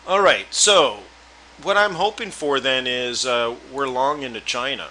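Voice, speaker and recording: Bright-voiced man hosting a trading room. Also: mid-range voice, unhurried, slight background noise, low-quality recording. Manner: loose, chatty, talks to viewers directly. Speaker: forex trading room host. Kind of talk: live trading webinar chat.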